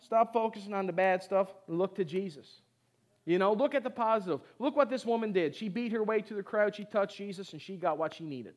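Man, high-pitched, preaching, repeats short lines, call-and-response with congregation. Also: fairly quick. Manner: conversational, repeats short phrases. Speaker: pastor. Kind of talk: sermon. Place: church service before a congregation.

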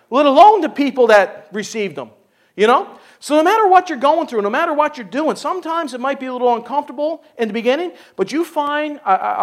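A man with a notably high voice preaches a folksy, conversational sermon to his church. He talks in a chatty, exclaiming way, leaning on "you know" and asides to the congregation. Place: church service.

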